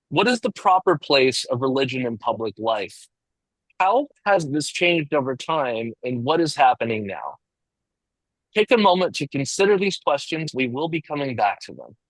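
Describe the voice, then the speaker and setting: A man leading a small discussion group, lecturing in a measured, reflective way with occasional restarts. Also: mid-range voice, big pitch swings, fairly bright tone, dry recording, poor audio.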